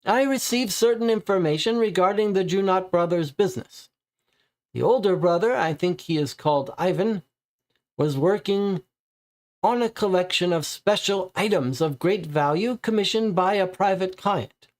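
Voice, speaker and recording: A man's voice: high-pitched, moderate pace, voice pushed up, lightly acted. A man voicing an anxious male suspect who pleads and confesses in a police interview read from a case file. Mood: pleading. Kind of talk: read-aloud case file role-play.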